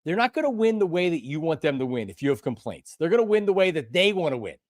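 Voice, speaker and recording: An older man hosting a live sports talk stream, passionate and emphatic, repeating himself and at times breaking into shouts. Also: a little high, sing-song, fast, no echo, clean studio sound. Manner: bursts into shouting. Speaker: sports show host.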